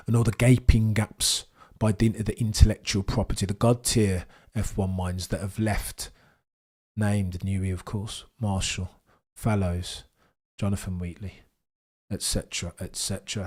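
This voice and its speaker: A man's voice: fairly low pitch, a little slow, breathy edge. Chatty man commentating on racing. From Britain. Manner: animated, verbose, mock-commentator flourishes. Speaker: F1 livestream host. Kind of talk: live watchalong commentary and chat reading.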